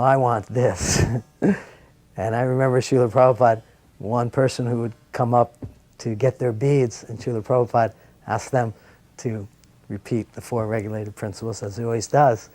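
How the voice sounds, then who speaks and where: Soft-spoken man recalling a memory. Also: mid-range voice, flat delivery, normal speed. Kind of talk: reflective recollection.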